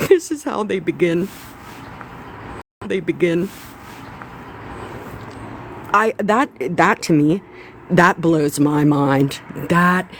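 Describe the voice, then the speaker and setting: A woman's voice: lowish voice, a little hiss or hum. A woman hosting a casual commentary livestream, blunt and exasperated, repeating her points and swearing. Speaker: livestream host.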